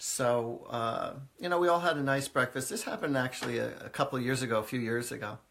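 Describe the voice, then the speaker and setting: A man's voice: medium pitch, fast, gravelly, fairly bright tone, a little hiss or hum. A man hosting a live stream as a psychic, telling stories in a chatty way with many fillers, often laughing. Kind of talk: casual live-stream storytelling. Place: indoors, live video stream.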